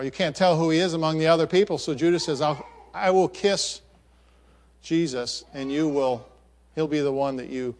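A man delivers a sermon in a storytelling way, describing a picture scene by scene. His voice sits a little high for a man, and he often trails off and restarts his words. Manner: halting, repeats words.

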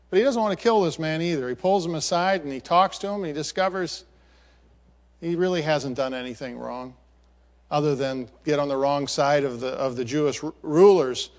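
A man delivers a sermon in a storytelling way, describing a picture scene by scene. His voice sits a little high for a man, and he often trails off and restarts his words. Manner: halting, repeats words.

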